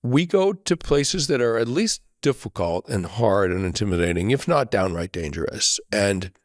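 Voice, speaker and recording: Low-voiced man telling a story, dry sound. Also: big pitch swings, moderate pace, no room sound. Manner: earnest, often tags sentences with "right?". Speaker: podcast guest. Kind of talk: reflective conversational storytelling.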